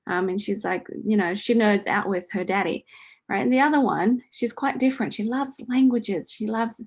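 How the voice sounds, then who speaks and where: A woman's voice: medium pitch, normal speed, slightly rough. A woman in her forties giving casual spiritual coaching advice, chatty, asking "right?" again and again and laughing lightly. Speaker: host answering a listener's question.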